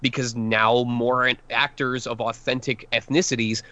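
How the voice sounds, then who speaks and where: A man's voice: mid-range voice, flat delivery, normal speed, sharp tone, lo-fi sound. A man voice actor giving advice in a podcast interview, earnest and emphatic, restarting his sentences often. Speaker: voice actor guest.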